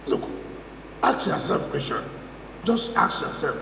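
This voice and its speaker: Nigerian man, high lively voice, gravelly, mocking public speech, echoey hall from far off. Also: moderate pace, background noise. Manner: forceful and mocking, with repetition and rhetorical questions. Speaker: politician addressing a church thanksgiving.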